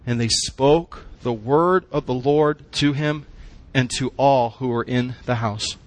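A man's voice: medium pitch, takes it slowly. A man preaching a sermon, emphatic, using short punchy phrases and asking the congregation questions. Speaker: pastor.

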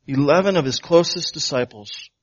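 A man's voice: a little high, moderate pace, breathy edge, dry recording, muffled recording. A male pastor preaching a sermon, firing off rhetorical questions and building to emphatic proclamations.

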